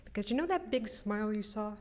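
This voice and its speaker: A woman's voice: mid-range voice, expressive, fast talker. Middle-aged woman telling family stories. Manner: anecdotal storytelling with soft laughs. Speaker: eulogist, sister of the deceased. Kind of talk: funeral eulogy.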